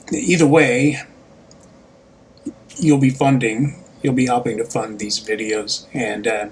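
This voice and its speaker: A man's voice: mid-range voice, breathy edge, poor audio. A middle-aged man hosting his own commentary channel, talking in a casual, rambling solo monologue full of fillers, restarts and wry joking asides. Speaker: YouTube political commentary host.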